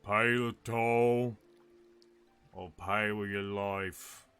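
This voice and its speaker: Guy doing a big slow ogre, loud and deep-ish, bit of music behind. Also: steady tone, clean tone. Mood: menacing. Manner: slow, booming demands. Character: hulking male ogre, slow and menacing toll-taker.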